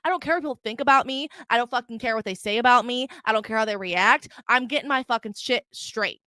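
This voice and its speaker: Brash, bright-voiced young woman ranting. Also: on the high side, quick pace, no room sound. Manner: profane, animated storytelling with mocking quoted voices. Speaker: podcast host. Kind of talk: unfiltered solo podcast rant.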